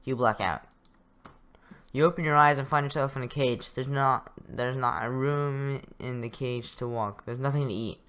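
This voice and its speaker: A man's voice: medium pitch, normal speed, fairly bright tone, smooth. Young male gaming YouTuber, chuckly casual read-through, trips on words. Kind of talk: reading a text game aloud with commentary.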